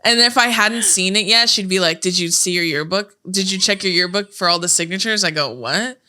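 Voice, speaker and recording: Bright-voiced young woman podcast co-host. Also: medium pitch. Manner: swears freely, quick animated storytelling. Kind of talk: casual chat.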